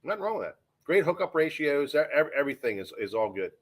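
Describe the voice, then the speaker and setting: A man's voice: on the high side, very animated, fast. Rambling man co-hosting a fishing chat. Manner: rambling, repeats himself, joking. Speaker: co-host. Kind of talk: casual live-stream chat.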